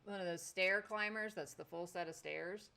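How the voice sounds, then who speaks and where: A woman co-hosting a podcast, telling a story in casual chat with animated exasperation. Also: lowish voice, moderate pace, creaky. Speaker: podcast co-host.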